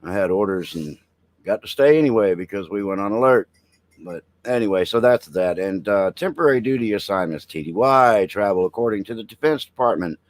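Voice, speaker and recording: Blunt low-voiced veteran host. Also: male voice, lively intonation, brisk, dry recording, poor audio. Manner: blunt, joking, reads headlines then riffs, talks to chat. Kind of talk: casual live-stream commentary.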